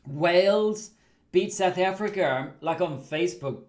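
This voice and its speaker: A man's voice: high voice, measured pace, a little mellow. A man casually commenting on a rugby manager game livestream, chatty and laughing often. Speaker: livestream host.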